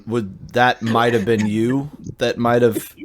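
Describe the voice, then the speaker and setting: A man voicing a former mobster who speaks with halting, overly formal politeness. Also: mid-range voice, flat delivery, close to an everyday voice. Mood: gruff, formal.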